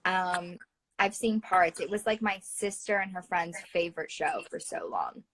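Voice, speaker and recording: A woman's voice: lowish voice, measured pace, a bit bright, rough recording. A young woman co-hosting a livestream in casual chat, rambling and giggly, often tripping over her own words. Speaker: co-host of a livestream.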